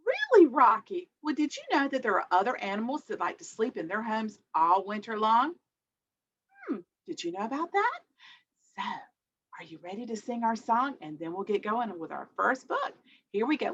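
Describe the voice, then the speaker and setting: A woman hosting a children's storytime as a librarian, reading a picture book aloud in an animated, sing-song manner and gasping for effect. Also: mid-range voice, moderate pace, gravelly, slight background noise. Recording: dull lo-fi audio.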